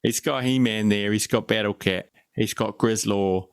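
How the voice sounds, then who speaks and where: A man's voice: lowish voice, fairly even intonation, moderate pace, clear, resonant tone, no echo, clean studio sound. A man co-hosting a casual film review chat, rambling and jokey, often breaking off mid-sentence. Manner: rambling, jokey, self-interrupting. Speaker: podcast co-host.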